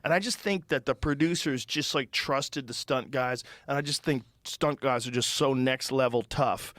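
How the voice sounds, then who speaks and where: Middle-aged guy on a podcast mic, swears a lot, animated stories, dry close sound. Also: medium pitch, moderate pace, no room sound. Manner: profane, animated storytelling. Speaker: podcast host. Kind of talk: casual chat.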